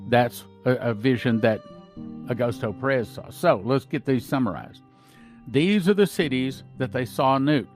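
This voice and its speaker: A man hosting a podcast, reading dreams and visions aloud and breaking off with his own asides. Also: medium pitch. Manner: reads accounts, breaking off with asides. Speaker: podcast host. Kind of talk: reading prophecies aloud with commentary.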